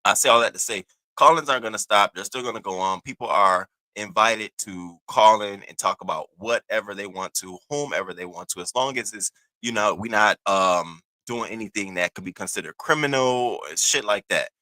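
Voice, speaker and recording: Guy hosting a stream, bright tense voice, kinda low, dry sound. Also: brisk, hardly any pauses, no room sound. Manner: loose, profane, talks to chat viewers by name. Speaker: livestream host. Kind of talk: casual livestream chat.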